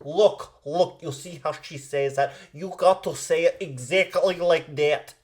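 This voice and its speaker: A man's voice: on the high side, unhurried, darkish tone, natural voice. A man putting on a pushy Russian stage mother. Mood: insistent. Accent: mock Russian. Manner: insistent, drilling. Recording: roomy echo.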